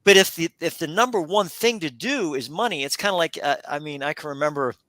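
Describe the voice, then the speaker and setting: A middle-aged man hosting a radio interview in a casual, animated way, often repeating words and acting out quotes. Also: a little high, a little fast, dry recording. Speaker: radio show host.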